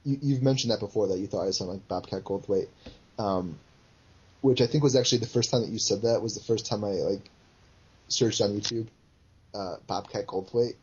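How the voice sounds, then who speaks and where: A man co-hosting a casual podcast chat, deep and smooth, halting with many fillers. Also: darkish tone, highs cut off. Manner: halting, lots of fillers and restarts. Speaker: podcast co-host.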